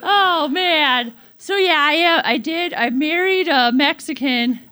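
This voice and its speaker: A woman giggles and rambles through a live roast in character as a spoofed 1950s female comedian, self-deprecating and cracking herself up. She uses a high, exaggerated voice that is pushed and bright, speaking slowly.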